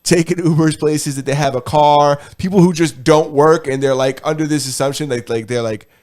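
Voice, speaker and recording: Animated, profane man co-hosting a podcast. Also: fairly high pitch, normal speed. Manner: profane, animated, acts out quoted people. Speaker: podcast co-host. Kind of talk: casual chat.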